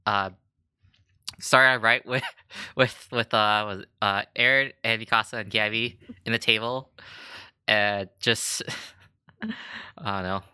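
Bright, smooth-voiced male podcast host. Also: on the low side, steady tone, slow pace, pauses often, dry recording, clean studio sound. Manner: laughing, loose and joking. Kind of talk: casual group chat.

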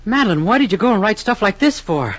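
An actor playing a flat, matter-of-fact young husband in a 1940s radio comedy. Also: male voice, high voice, quick pace, heavily acted. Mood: deadpan. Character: plain-spoken young husband, flat and unromantic. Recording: dull old radio recording, off-mic.

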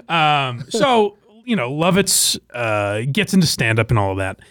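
A man's voice: medium pitch, sing-song, measured pace, fairly bright tone, no echo. A man in his forties hosting a podcast, rambling in casual chat with many fillers and laughs. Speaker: podcast host.

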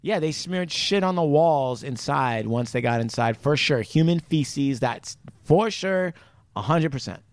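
A man's voice: a little high, animated, measured pace. A man hosting a podcast, explaining things in a rambling, profane, casual way full of "like" and "you know". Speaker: podcast host. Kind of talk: casual chat.

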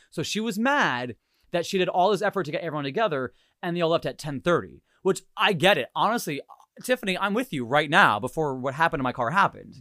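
A man's voice: a little high, fairly bright tone, no room sound, studio quality. A young man from Hawaii hosting a casual podcast, telling a story in a jokey, profane way. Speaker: podcast host.

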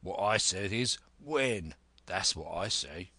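A man voicing a rough pirate coxswain who grumbles in a growling rough dialect. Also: low voice, animated, takes it slowly, bright, forceful tone, no echo, heavily acted. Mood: grumbling.

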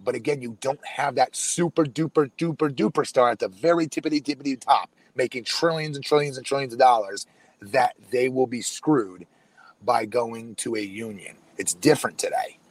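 A man's voice: medium pitch, moderate pace, no room sound. A man co-hosting a casual podcast, talking in a blunt, emphatic way. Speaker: podcast co-host. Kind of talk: casual wrestling chat.

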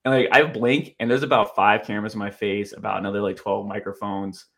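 A young man co-hosting a podcast, telling a self-deprecating story in a rambling, animated way with lots of filler words. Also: on the low side, fairly quick, vocal fry. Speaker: podcast co-host. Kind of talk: casual storytelling chat.

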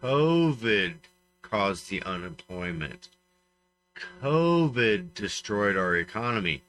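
A man's voice: lowish voice, sing-song, slow, a bit bright, faint music behind. A man co-hosting a casual talk show, making emphatic, opinionated points. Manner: emphatic, opinionated, punchy rants. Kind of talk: casual banter.

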